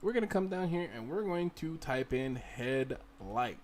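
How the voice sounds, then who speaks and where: A man's voice: mid-range voice, animated, unhurried, few pauses, darkish tone. A man hosting a casual screen-share game modding tutorial, rambling as he works and urging viewers to try things themselves. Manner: rambling, talks to viewers directly and urges them on. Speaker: gaming livestream host.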